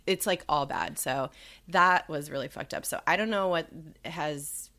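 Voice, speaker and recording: A woman's voice: sits low, a little slow, sharp tone. A young woman co-hosting a podcast, chatting casually and indignantly, swearing often and using many fillers. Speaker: podcast co-host. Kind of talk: casual chat.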